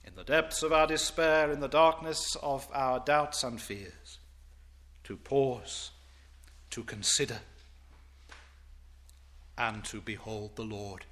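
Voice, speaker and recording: A male preacher delivering a sermon, swinging from loud declaiming to hushed reverence. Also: medium pitch, fairly even intonation, takes it slowly, pauses often.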